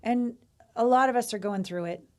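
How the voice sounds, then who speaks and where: A middle-aged woman hosts a candid conversation over a video call, her voice sitting a touch high. She talks frankly and with open emotion, dropping the odd swear word along the way. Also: moderate pace, darkish tone. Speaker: host.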